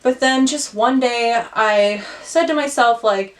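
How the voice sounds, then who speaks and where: A woman's voice: a little high, slow. Chatty young woman vlogger, slightly distant mic. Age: 20s. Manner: chatty, lots of "like" fillers, candid and self-critical. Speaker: beauty vlogger. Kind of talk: casual chat while doing makeup.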